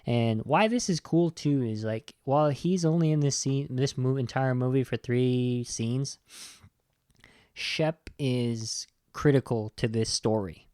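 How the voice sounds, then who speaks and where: A man's voice: medium pitch, darkish tone, dry recording, clean studio sound. A man hosting a podcast, casually recapping a film in a loose, rambling way full of filler words. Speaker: podcast host.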